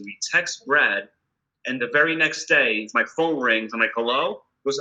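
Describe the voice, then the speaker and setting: A man's voice: medium pitch, normal speed, bright, forceful tone, rough recording. A man with a New York accent, a rock guitarist telling a studio story in a casual interview, emphatic and profane, acting out the exchanges he quotes. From United States. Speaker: guitarist guest.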